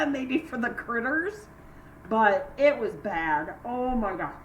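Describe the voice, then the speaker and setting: In a home vlog, an older woman takes her time, highly animated as she rambles from story to story and mimics quoted voices with sudden pitch jumps. There's echo from the room, a faint hiss, and the mic sits some distance away.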